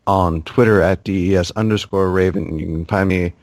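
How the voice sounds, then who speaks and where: A man co-hosting a casual podcast, laid-back and quick to chime in. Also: low voice, fairly even intonation, a little mellow, no echo. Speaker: podcast co-host.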